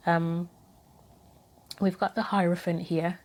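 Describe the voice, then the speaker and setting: A woman giving a casual tarot reading to camera, thinking aloud with frequent pauses, earnest and gently sympathetic. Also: lowish voice, flat delivery. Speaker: tarot reader.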